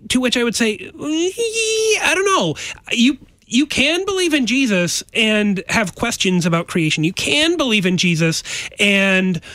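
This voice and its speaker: Higher-pitched pastor, earnest and emphatic, close dry mic; theology talk. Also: male voice, big pitch swings, normal speed, pushed and bright, dry recording. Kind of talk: theological discussion.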